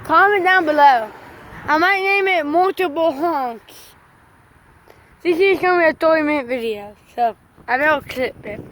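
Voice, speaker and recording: Young woman vlogger, high voice, slow talker, excitable, shouts at passing trucks. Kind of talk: excited roadside commentary. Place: roadside outdoors by traffic.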